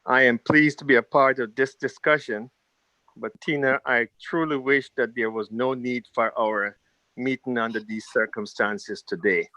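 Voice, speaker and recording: A man's voice: medium pitch, fairly even intonation, normal speed, bright, forceful tone. A man who leads a labor union, giving an earnest, rallying speech over a video call at an online town hall and repeating his key phrases.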